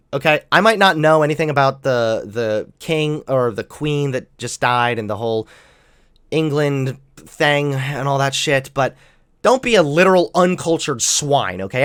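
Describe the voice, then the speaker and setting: A man's voice: a little high, a bit bright. A young man hosting a political commentary channel, ranting sarcastically with lots of swearing and mock outrage.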